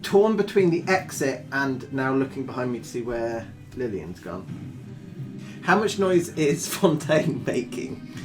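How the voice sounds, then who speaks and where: A man chats through his character's plan at a tabletop game, thinking aloud and chuckling. His pitch is ordinary and middle. Guitar music plays clearly in the background. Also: very animated, measured pace. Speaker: player.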